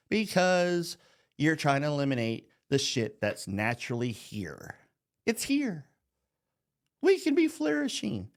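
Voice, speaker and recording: A man's voice: medium pitch, clear, resonant tone. Middle-aged american guy ranting, cussing nonstop, voice swings all over the place. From United States. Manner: heated, swearing constantly, mocking. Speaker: vlogger. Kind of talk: profane political rant.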